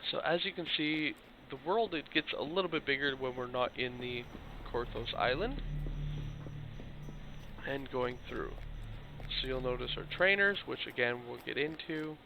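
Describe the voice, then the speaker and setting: Slightly hoarse man narrating gameplay. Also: medium pitch, normal speed. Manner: loose, explanatory, talks to viewers directly. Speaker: video game walkthrough host. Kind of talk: casual gameplay walkthrough commentary. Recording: tinny phone-like mic with faint hiss.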